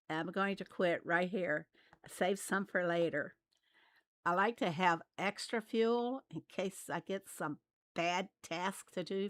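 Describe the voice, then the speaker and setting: A game channel host from Arkansas, USA, chats casually while playing a game, laughing often in a light Southern US accent. Her voice sits on the low side with a slight brightness.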